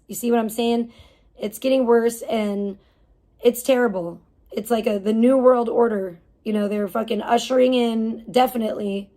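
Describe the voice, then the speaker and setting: Brief: woman host of a live stream, fairly high-pitched, profane and fired up, loose rambling delivery. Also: dark tone. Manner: profane, heated ranting; rambling with frequent restarts. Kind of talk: casual livestream rant.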